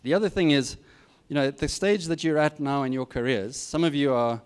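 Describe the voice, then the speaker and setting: This fairly quick, smooth voice belongs to a middle-aged man with a fairly high pitch. As a guest speaker giving students an informal talk, he offers plain-spoken career advice and drops self-deprecating asides.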